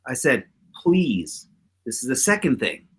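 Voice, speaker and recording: Husky guy co-hosting a chat, lively up-and-down voice, really emphatic. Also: medium pitch, a little slow. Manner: animated, emphatic, acts out quotes in his stories. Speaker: co-host. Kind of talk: casual chat.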